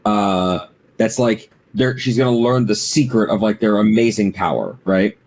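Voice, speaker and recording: A man's voice: fairly low pitch, moderate pace, roomy sound. Man rambling through a story. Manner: rambling, animated storytelling with profanity. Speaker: player. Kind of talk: casual chat among friends.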